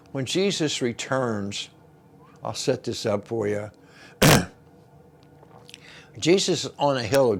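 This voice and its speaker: Gravelly-voiced man teaching Bible study. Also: medium pitch. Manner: folksy, retells scripture in plain words with asides. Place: kitchen.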